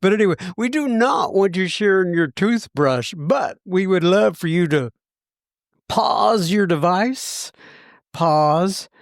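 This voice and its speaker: A man's voice: high-pitched, expressive, a little slow, gravelly, no echo, studio quality. Jovial podcast host, a man. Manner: jovial, laughs easily, announcer-like delivery. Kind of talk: casual interview and show sign-off.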